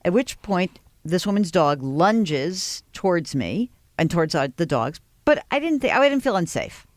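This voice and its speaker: A woman hosting a radio show in a broadcast studio, chatting with a guest and telling stories with animated delivery. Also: lowish voice, measured pace, dry recording. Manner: lively storyteller, acts out voices. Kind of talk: casual interview chat.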